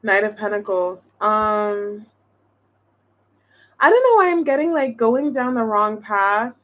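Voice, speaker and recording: A woman's voice: medium pitch, very animated, takes it slowly, fairly bright tone. A woman giving a casual tarot reading to her viewers, thinking aloud in a chatty way with lots of restarts. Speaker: tarot reader.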